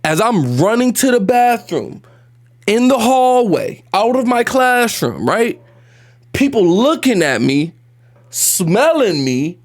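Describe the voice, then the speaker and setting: A man telling a painful personal story as a vlog monologue, animated and repetitive, slangy and profane, close to tears. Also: high-pitched, takes it slowly. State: emotional, on the edge of tears.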